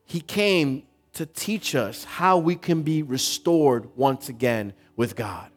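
A man's voice: medium pitch, slow, few pauses, faint music behind. A man preaching a sermon through a story, asking the congregation questions and building to emphatic points.

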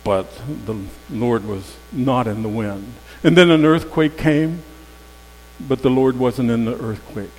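A man's voice: medium pitch, lively intonation, a little slow. Male preacher in an echoey hall. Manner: conversational storytelling, swinging from loud to hushed. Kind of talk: sermon. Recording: long hall reverb with faint mains hum.

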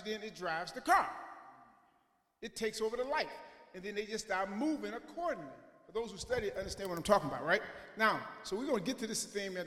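A man's voice: high-pitched, fairly bright tone. A male pastor preaching a sermon in a conversational way, often checking in with "right?" as he retells the story. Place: church sanctuary. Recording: echoey hall reverb.

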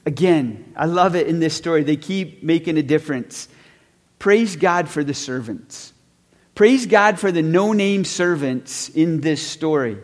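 A man's voice: a little high, unhurried, big-room sound. A man preaching a sermon, retelling a story in a conversational way and briefly acting out the characters. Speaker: pastor.

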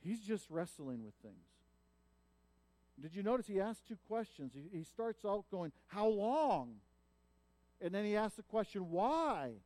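A man's voice: sits high, lively intonation, moderate pace, a little mellow, no echo. A man preaching a sermon, teaching in an earnest way that swells when he voices a prophet's cries. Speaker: pastor.

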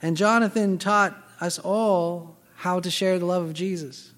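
A man's voice: high voice, fairly even intonation, measured pace, a bit bright. A man preaching a sermon as pastor, telling a personal story and acting out the dialogue. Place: church sanctuary. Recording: long reverb of a large hall.

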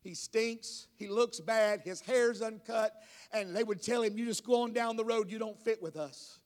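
A man preaching a sermon to a church congregation, building from storytelling to shouting. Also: high voice, moderate pace. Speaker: pastor.

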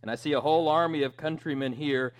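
A pastor putting on a rousing rebel leader. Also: male voice, fairly high pitch, pitched above the performer's own voice, lightly acted. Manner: slow, loud, rousing battle speech. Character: defiant medieval male rebel leader rallying an army.

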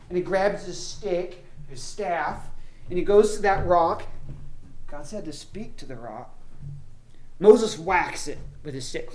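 Slow-talking pastor giving a casual sermon. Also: male voice, high voice, animated, a little mellow, slight background noise. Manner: conversational, acts out voices of people in the stories.

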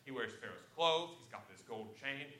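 A man preaching a sermon to his congregation, telling Bible stories with big swings between loud and soft. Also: medium pitch, moderate pace. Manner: animated storytelling with sharp swings in loudness. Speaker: pastor. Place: church sanctuary. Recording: roomy church echo.

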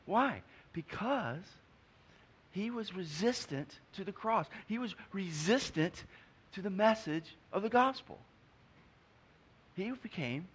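A man's voice: fairly high pitch, animated, moderate pace, fairly bright tone. A man preaching a conversational sermon, acting out the figures he quotes. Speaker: pastor.

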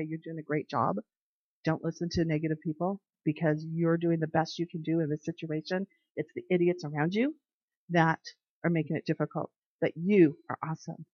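A woman of medium pitch giving a casual devotional talk, telling everyday stories in a chatty way. She slips into the voices of the people she quotes. The recording is dry, with no room sound, and slightly muffled. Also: no echo. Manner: chatty storyteller who acts out quoted people. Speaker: devotional speaker. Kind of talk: casual faith talk with anecdotes.

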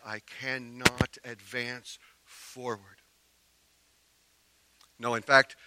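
A man preaching a sermon as pastor, telling a story with animated emphasis that drops to quiet earnestness. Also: mid-range voice, no echo.

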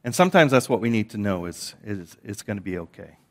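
A man's voice: on the low side, expressive, fast talker. A man preaching a sermon, telling stories with frequent repeated words and restarts. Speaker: pastor.

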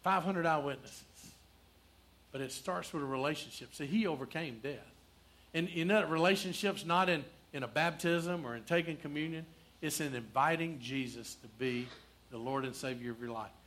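A male pastor preaching a sermon in church, quoting Scripture, asking the room for answers, and softening into prayer. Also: a little high, normal speed. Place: church, also streamed online.

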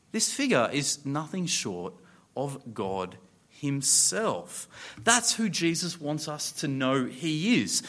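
A man preaching a sermon, earnest and emphatic, explaining scripture with fillers and pausing to drop low on key phrases. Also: fairly bright tone.

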